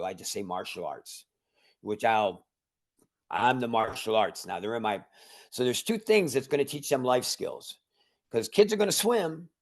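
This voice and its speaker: Casting note: gravelly man at middle pitch, a judo instructor, rambling and repetitive, chatting casually on a podcast. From Cleveland, Ohio area. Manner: rambling, repeats words, acts out conversations. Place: remote call.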